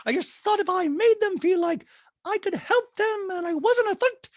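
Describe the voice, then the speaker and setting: Man mimicking a gushing dramatic socialite woman, squealing high falsetto, slow and swooping. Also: expressive, no room sound, clean studio sound. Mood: tearful. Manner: breathy, drawn-out, theatrical falsetto. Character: gushing, melodramatic reality-TV woman.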